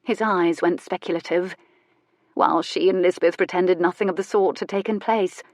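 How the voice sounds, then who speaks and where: A woman narrating a romance audiobook in a measured, even storytelling manner. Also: lowish voice, dry recording, clean studio sound.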